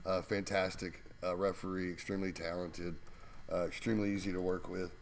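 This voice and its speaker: Male guest, lower pitch, loose anecdotal delivery full of ums and laughs. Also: level tone, a little fast, slight background noise. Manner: rambling, laughing anecdotes with fillers. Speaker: guest co-host telling wrestling stories. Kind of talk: casual storytelling.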